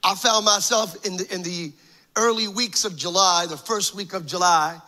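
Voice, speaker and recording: A man preaching a sermon with passion, repeating phrases, joking in asides and building up to shouts. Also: sits high, moderate pace.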